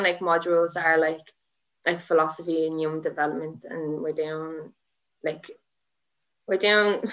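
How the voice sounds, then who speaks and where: A podcast guest from Ireland, a woman in her twenties who is an MMA fighter and student teacher, chats casually and ramblingly. She fills her talk with "like" and laughs frequently. Her voice is mid-range with a fairly bright tone.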